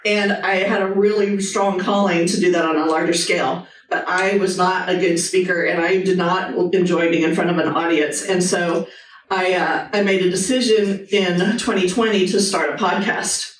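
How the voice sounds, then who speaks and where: A woman's voice: fairly low pitch, fairly even intonation, moderate pace, recorded from a distance. A woman, a surgeon giving an earnest, personal motivational talk with a short guided meditation to a live audience. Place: hospital hall with a live audience. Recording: echoey hall, voice from off the mic.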